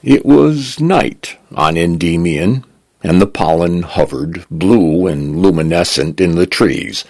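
A man narrating a story in a very low, gravelly voice that rises and falls with lively pitch. He reads slowly and deliberately, and his husky tone sits close and dry. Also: no echo. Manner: slow, measured storytelling delivery. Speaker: host and volunteer narrator.

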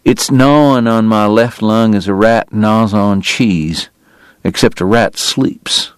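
Bitter consumptive dentist, read by a man, low voice, slow precise delivery. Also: clear, resonant tone, no room sound. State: coughing illness, strained breath. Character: bitter consumptive male dentist, sardonic, weary.

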